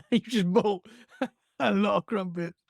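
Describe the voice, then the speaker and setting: A woman's voice: mid-range voice, takes it slowly, gravelly, a little mellow, no echo, studio quality. A British woman co-hosting a casual podcast chat, easygoing and laughing often. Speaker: podcast co-host.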